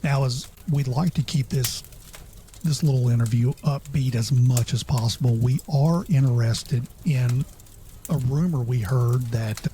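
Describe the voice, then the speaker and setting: A man hosting a comedy interview, asking questions in a measured, mock-serious way. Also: medium pitch, dark tone, a little hiss or hum. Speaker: host.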